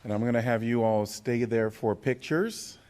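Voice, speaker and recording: A man's voice: mid-range voice, moderate pace, darkish tone, a faint crowd, slight background noise. A man emceeing a student writing awards ceremony on an auditorium stage, making polite, formal introductions. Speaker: event emcee. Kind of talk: ceremony announcing.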